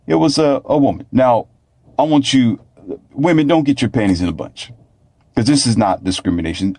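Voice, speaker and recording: A man's voice: fairly low pitch, a little mellow, no room sound, studio quality. A man telling a story in a blunt, preachy monologue that repeats itself. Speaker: vlogger.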